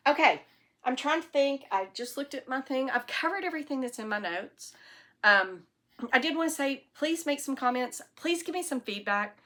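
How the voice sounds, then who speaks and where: A woman's voice: fairly high pitch, animated, normal speed, bright, forceful tone. A woman hosting her own knitting podcast, chatting casually and rambling to an iPad camera on a tripod at home. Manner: chatty, rambling, self-deprecating. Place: at home, alone.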